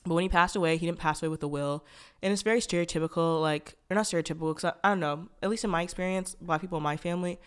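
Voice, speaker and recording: A woman's voice: fairly low pitch, steady tone, rapid-fire, smooth. A young woman hosting a podcast, telling a personal story in a rambling, candid way, full of "like" fillers, restarts and blunt swearing. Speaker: podcast host.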